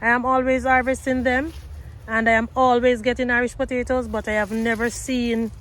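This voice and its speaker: A woman's voice: on the high side, little pitch movement, moderate pace, fairly bright tone. Woman giving a garden tour outdoors. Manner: chatty, repeats herself, addresses viewers as family. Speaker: gardening vlogger. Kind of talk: casual garden tour vlog.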